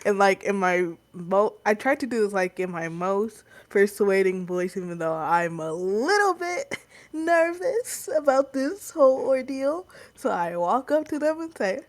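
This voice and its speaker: A woman's voice: mid-range voice, animated, measured pace. A woman playing a tabletop role-playing game, talking casually and a bit hesitantly. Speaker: player.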